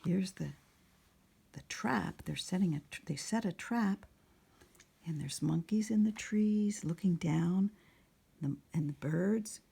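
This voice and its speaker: A woman narrating a picture book at storytime, speaking softly and often slipping into a whisper, asking the listener questions. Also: fairly low pitch, takes it slowly, creaky, long pauses, breathy edge. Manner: soft, often sliding into a whisper.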